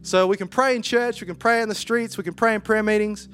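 A man preaching in a relaxed, conversational way, full of playful asides. His voice sits high for a man, and soft music plays faintly underneath. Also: fast. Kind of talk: sermon.

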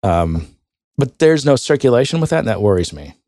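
A man co-hosting a casual podcast, thinking out loud with lots of fillers and restarts. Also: medium pitch, sing-song, brisk, dry recording, studio quality. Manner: thinks aloud, rambling with many fillers. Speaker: podcast co-host. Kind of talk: casual tech podcast chat.

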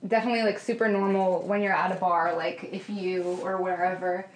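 A woman's voice: mid-range voice, flat delivery, reverberant, a little hiss or hum. Chatty young woman guest. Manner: chatty, quick, lots of fillers like "like". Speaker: podcast guest. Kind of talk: casual chat.

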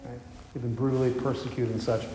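A man's voice: mid-range voice, flat delivery, fast talker, warm tone, a little hiss or hum. A man preaching a sermon, telling a story in a conversational way, full of fillers and restarts. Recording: echoey hall with faint ambience.

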